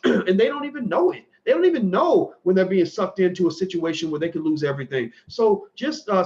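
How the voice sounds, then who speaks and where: A man hosting a commentary channel, speaking with raw emotion, halting and restarting often and fighting back tears. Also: high-pitched, lo-fi sound. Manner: impassioned, halting with many restarts. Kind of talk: emotional direct-to-camera commentary.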